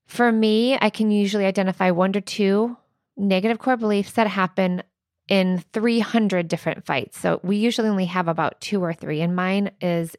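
A woman's voice: medium pitch, fairly even intonation, normal speed, darkish tone, dry recording, studio quality. A woman therapist co-hosting a podcast, explaining a technique in casual chat, peppered with "like" and "right?". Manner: conversational, frequent "like" and "right?", laughs lightly.

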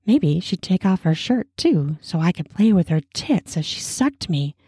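A woman reading an erotic story aloud, slow and sensual. Her voice is mellow and breathy, a little low, close and dry. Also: sing-song, dry recording.

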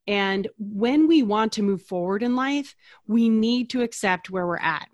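A woman's voice: medium pitch, expressive, a little slow, no room sound, clean studio sound. A woman in her thirties, an energy healer, chatting casually as a guest and acting out little dialogues. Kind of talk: casual conversational interview.

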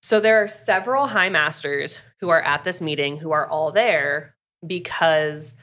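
A woman's voice: low-pitched, measured pace, a bit bright. A woman co-hosting a podcast, chatting casually and acting out characters' lines with lots of "like". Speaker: podcast co-host recapping a book. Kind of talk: casual chat.

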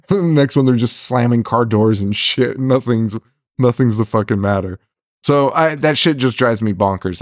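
A man's voice: lowish voice, darkish tone, no echo, clean studio sound. Profane ranting male podcast host. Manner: profane, ranting, laughs often. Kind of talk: casual movie review chat.

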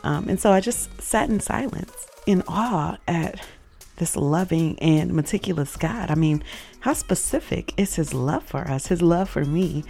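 A woman's voice: on the low side, animated, unhurried, gravelly, dark tone, soft background music. A woman hosting a show, earnestly telling a personal faith story, reflective and emotional at its peaks.

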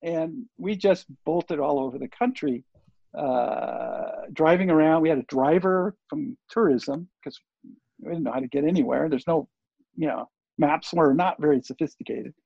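In a dull, lo-fi, dry recording, an older man who produces surf TV tells a story as an interview guest, loose and rambling with many fillers and restarts. His voice is a little high and gravelly with a breathy edge, at normal speed.

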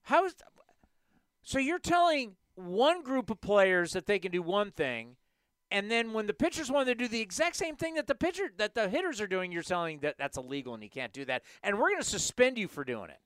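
A man hosting a casual sports podcast, ranting and repeating his points for emphasis. His voice is high and lively, with a bright, clear tone. The recording is close and dry. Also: brisk, no echo. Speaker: podcast host.

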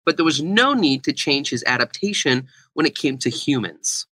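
Bright-voiced young man telling a story. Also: a little high, normal speed, dry recording, rough recording. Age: young adult. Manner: animated storyteller, acts out quotes. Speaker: guest speaker and author. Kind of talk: storytelling in an interview.

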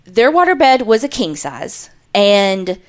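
A woman co-hosting a true crime podcast, telling the case in a casual, animated way with plenty of swearing. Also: medium pitch, slow. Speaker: podcast co-host.

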